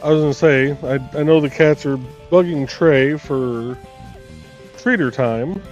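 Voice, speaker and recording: Male co-host, fairly high voice, halting and unsure, muffled lo-fi sound, faint music behind. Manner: hesitant, many "uh" pauses. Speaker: livestream co-host. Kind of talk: casual chat. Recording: dull lo-fi stream audio.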